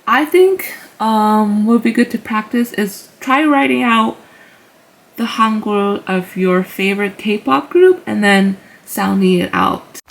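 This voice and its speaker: A young woman hosting a tutorial, explaining step by step in a relaxed way with lots of "like" and "um". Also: medium pitch, takes it slowly, creaky. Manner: relaxed, filler-heavy explaining with "like". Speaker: language tutorial host. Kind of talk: casual teaching walkthrough.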